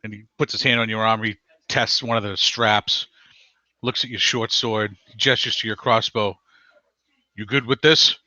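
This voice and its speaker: A man's voice: lowish voice, flat delivery, bright, forceful tone, no echo, lo-fi sound. A man narrating a tabletop game as game master, restarting his sentences often. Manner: narrates in quick stumbling restarts.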